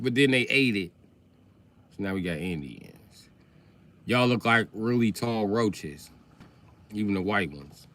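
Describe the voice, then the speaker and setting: A man's voice: fairly low pitch, lively intonation, takes it slowly, pauses often. A man hosting a livestream, ranting crudely and loosely in a comedic way. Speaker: livestream host. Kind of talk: profane comedic rant.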